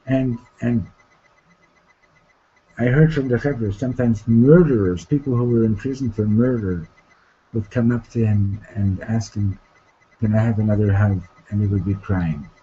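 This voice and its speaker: A male teacher telling a story to his class, halting, repeating words and often asking "okay?". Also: medium pitch, mellow, slightly rough, muffled recording. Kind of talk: storytelling lesson.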